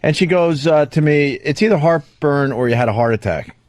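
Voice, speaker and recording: A man's voice: fairly high pitch, brisk, a little mellow, no room sound. A man hosting a radio talk show in a studio, chatting casually and joking.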